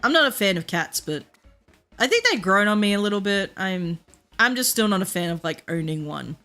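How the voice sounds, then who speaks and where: An Australian woman chats while she streams a game, with a bright, clear edge to her voice. She talks in a loose, chatty way, swears often and laughs through her own stories. Soft game music plays quietly behind her. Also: medium pitch, sing-song, normal speed. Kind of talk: casual chat while gaming.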